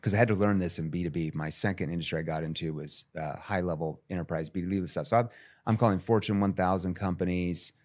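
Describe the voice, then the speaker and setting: A man with a low, fairly deep speaking voice talks through sales tactics in a podcast interview. He breaks into animated role-play, acting out callers and salespeople. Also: quick pace. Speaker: sales trainer, podcast guest. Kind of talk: energetic interview talk with acted sales calls.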